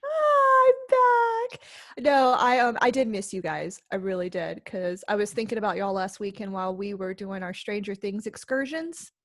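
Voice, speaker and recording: A woman co-hosting a podcast, chatting casually in an excitable, talkative way. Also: mid-range voice. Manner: excitable, chatty, quick to laugh. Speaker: podcast co-host.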